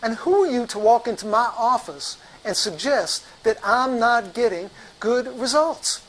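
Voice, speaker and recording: A man playing an irritated, imposing male doctor who lectures slowly and sternly. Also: very high voice, lively intonation, fairly bright tone, voice pushed up, exaggerated voice, low-quality recording. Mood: indignant.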